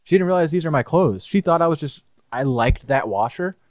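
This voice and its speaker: A young man co-hosting a podcast, telling a story in a casual, animated way and swearing freely. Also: a little high, brisk, no echo. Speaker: podcast co-host. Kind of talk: casual chat.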